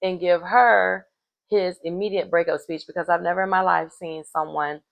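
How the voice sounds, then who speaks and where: Gravelly, low-voiced woman recapping chattily. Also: moderate pace. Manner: chatty, animated storytelling with frequent fillers. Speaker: reality show recap commentator. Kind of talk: casual chatty retelling.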